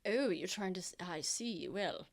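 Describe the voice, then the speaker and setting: A woman voicing a prejudiced town guard who questions a stranger in short, quietly hostile replies. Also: on the low side, animated, measured pace, vocal fry, exaggerated voice. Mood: cold, curt.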